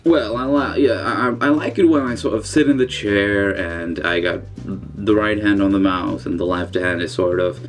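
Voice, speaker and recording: A man answering forum questions in a casual vlog, joking and swearing, reading each question out before answering, recorded in a bathroom. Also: normal speed. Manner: profane, joking, reads questions aloud then answers with wild pitch jumps. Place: indoors in a bathroom.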